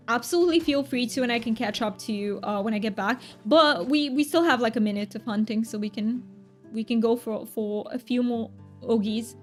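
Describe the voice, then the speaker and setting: A woman's voice: a little high, mellow. A woman streamer chatting to her viewers in a playful, self-mocking fake British accent, giggling between remarks. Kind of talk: casual live-stream chat.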